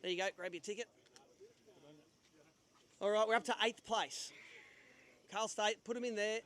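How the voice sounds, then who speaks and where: A man's voice: high-pitched, fairly even intonation, moderate pace, fairly bright tone. A man hosting a live fishing weigh-in, chatty and upbeat with jokey banter. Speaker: tournament weigh-in host. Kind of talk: live event hosting and quick interviews. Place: outdoor weigh-in stage at a sailing club.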